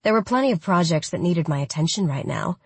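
Lowish breathy woman narrating an audiobook, thoughtful and even, dry sound. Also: fast talker, no room sound. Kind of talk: first-person audiobook narration.

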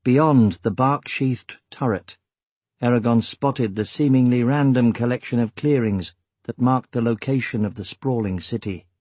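A man reading a fantasy audiobook in a steady, measured way. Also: medium pitch, slightly rough, dry recording. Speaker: audiobook narrator. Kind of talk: scripted fantasy narration.

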